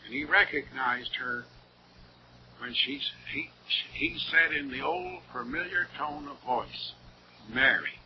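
A man preaching a sermon and reading scripture aloud, with slow, emphatic delivery and wide swings in pitch and loudness. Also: lively intonation, creaky. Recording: dull lo-fi recording with faint hiss.

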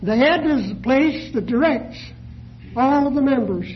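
A man preaching a sermon, measured and deliberate, posing questions to his listeners. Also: very high voice, animated, highs cut off, slight background noise.

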